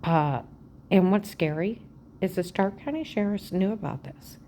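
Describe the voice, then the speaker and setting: A woman talking straight at the camera in a rambling personal monologue, agitated and aggrieved, jumping from claim to claim and often dropping to a hushed, half-whispered voice. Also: medium pitch, unhurried, a little hiss or hum. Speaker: vlogger.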